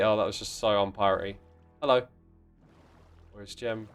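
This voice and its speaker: A man with a voice on the low side chats casually while streaming a block-building game, reading viewer messages in a playful, mock-indignant way with sudden outbursts. His tone is steady at normal speed, with long pauses and soft background music.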